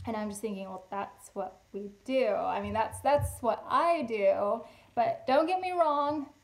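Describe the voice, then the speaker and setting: Woman, vlogger, casual storytime chat, slightly high voice, animated quoted dialogue. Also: unhurried, poor audio.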